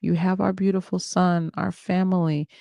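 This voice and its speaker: A man's voice: high voice, level tone, normal speed, vocal fry, no room sound, studio quality. A man reading the lines of a jealous, violent, controlling partner, mostly in his own voice. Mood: pleading. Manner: angry shouting, then pleading.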